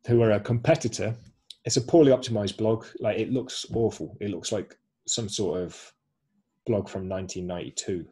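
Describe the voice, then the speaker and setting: Male webinar presenter, low-pitched, husky, explanatory, video-call sound. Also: a little mellow. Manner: explanatory, walks through screenshots.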